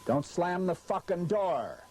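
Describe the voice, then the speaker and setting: A man's voice: sits high, expressive, slow pace, a little mellow, a little hiss or hum. A man presenting an industrial film, swearing constantly and exasperated as he keeps forgetting his lines on a hot studio set. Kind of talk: blown takes and outtakes on a film shoot. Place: hot studio set beside a car under bright lights.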